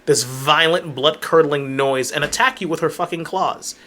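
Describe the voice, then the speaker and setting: Man, very bright forceful voice, casual podcast chat, excitable, profane. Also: a little high, moderate pace. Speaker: podcast co-host.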